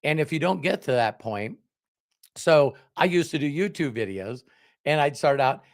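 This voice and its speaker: A man in his sixties, hosting a livestream, who tells animated stories and acts out quoted voices. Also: a little high, moderate pace. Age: 60s. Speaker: host. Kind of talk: casual panel talk on a livestream.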